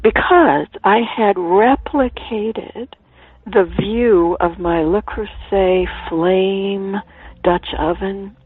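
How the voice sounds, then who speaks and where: A woman author telling stories as a guest on a radio interview, animated, at times dropping to a soft whisper, heard over a phone line. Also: mid-range voice, extremely slow, husky, no room sound. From Ireland. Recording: tinny phone line, dry.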